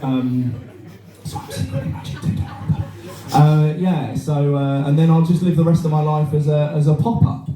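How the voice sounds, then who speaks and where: A man's voice: fairly high pitch, fairly even intonation, normal speed, dark tone, faint music behind. A man doing a crude, self-deprecating stand-up set, chatting with the audience in a small bar. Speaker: stand-up comedian. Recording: roomy live sound from a distant mic with audience laughter.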